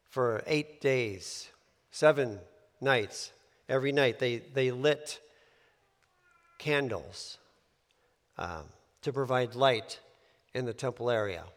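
A man's voice: mid-range voice, in a large hall. A man giving a sermon, explaining scripture in a conversational way with occasional fillers and restarts. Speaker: pastor.

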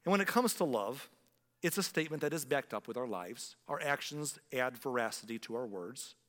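Earnest pastor preaching in a reverberant hall. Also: male voice, mid-range voice, expressive, normal speed. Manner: earnest, emotional, swings from loud emphasis to hushed. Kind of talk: sermon.

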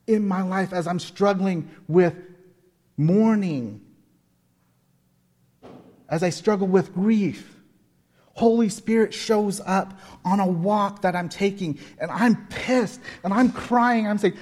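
Forties guy preaching slow and earnest, kinda high voice, long echo of a big hall. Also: a little mellow. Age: 40s. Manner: earnest, personal storytelling with emphatic repetition. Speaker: pastor. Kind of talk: sermon.

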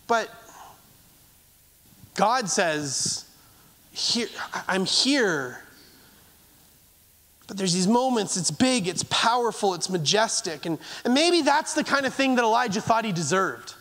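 Male preacher, high and unhurried, halting delivery, long echoing hall. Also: very animated. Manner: earnest, halting with repeated words, trailing off softly at phrase ends. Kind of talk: sermon.

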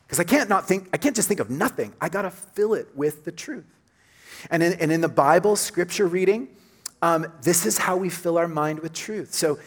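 Man preaching in a church. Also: on the high side. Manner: earnest, conversational preaching, softens when quoting scripture. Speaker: pastor. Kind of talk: sermon.

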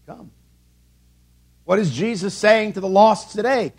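A man with a high, husky voice preaches from a church pulpit. He presses his points with repeated calls and rhetorical questions, rising and falling as he drives each line home. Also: moderate pace. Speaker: pastor. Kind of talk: sermon.

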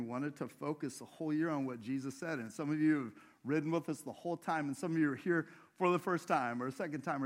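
Conversational male pastor preaching. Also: mid-range voice. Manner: conversational, asks the congregation questions. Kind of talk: sermon. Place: church.

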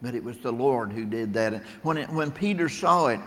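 A man's voice: medium pitch, expressive, fairly quick, fairly bright tone. A middle-aged man preaching a sermon in a plain-spoken, storytelling way, lifting his voice when he quotes scripture. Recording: long reverb of a large room.

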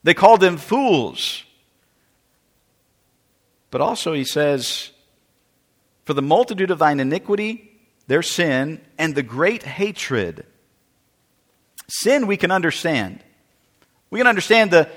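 Man preacher, high and bright, emphatic sermon delivery that swells and falls, long hall reverb. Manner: emphatic preaching with wide swings in loudness.

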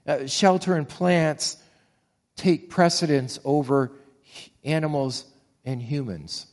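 A man's voice: on the high side, slow, darkish tone, in a large hall. Earnest man preaching a sermon. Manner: earnest preaching with rhetorical questions and repeated restarts. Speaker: pastor.

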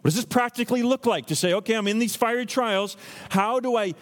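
A man in his thirties preaching a sermon as a pastor, teaching earnestly and acting out quotes in lively voices. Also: very high voice, fast. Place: church sanctuary. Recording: long reverb from a church hall.

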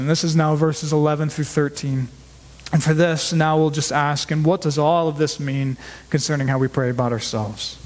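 An earnest pastor preaching to his congregation, his fairly high voice ringing through a church with a long reverb tail. He speaks emphatically and repeats key words for weight. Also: darkish tone. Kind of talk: sermon.

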